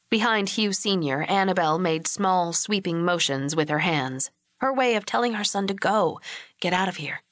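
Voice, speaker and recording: A woman reads a novel aloud in a steady, measured storytelling voice. Her voice sits on the lower side, and the recording is dry and close, with no room sound. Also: dry recording. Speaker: audiobook narrator. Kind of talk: scripted narration.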